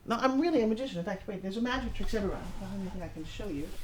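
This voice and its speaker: A woman in her fifties giving a casual walking tour of her studio, excitable and showy, talking straight to the camera. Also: medium pitch, racing, a little hiss or hum. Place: her own studio and offices, indoors.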